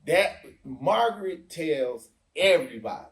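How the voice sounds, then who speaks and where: An emphatic middle-aged man talks through a heated casual discussion, his voice swinging widely up and down as he acts out quotes. He sits a little above the usual male pitch and keeps pressing his point. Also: big pitch swings, unhurried, echoey room. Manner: emphatic, explains with acted-out quotes. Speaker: podcast host.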